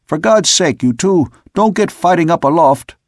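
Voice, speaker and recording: A man voicing a frantic sailor who shouts and pleads with his crewmates high up in the rigging. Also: moderate pace, no echo, studio quality, natural voice. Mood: alarmed.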